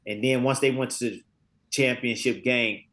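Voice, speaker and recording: A man's voice: medium pitch, normal speed. Man in his fifties telling stories. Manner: lively storyteller who acts out quoted dialogue; repeats words while searching for them. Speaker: guest. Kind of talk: casual interview storytelling.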